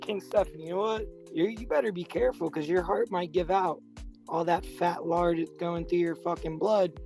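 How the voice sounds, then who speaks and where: A man's voice: sits high, fairly even intonation, moderate pace, gravelly, a little mellow, soft background music. A man with a youthful-sounding voice calling into an online voice chat, hot-tempered and hurling crude insults. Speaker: caller in a voice chat. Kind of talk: heated trash talk.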